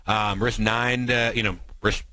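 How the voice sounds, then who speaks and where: Fast-talking American trading show host. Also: male voice, lowish voice, steady tone, pushed and bright, low-quality recording. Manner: talks fast, many fillers and asides. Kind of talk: fast explanatory talk on trading.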